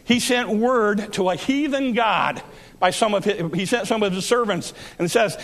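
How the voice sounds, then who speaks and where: A man's voice: sits high, normal speed, fairly bright tone. A man preaching a sermon, telling a Bible story and acting out its speakers with rising emphasis.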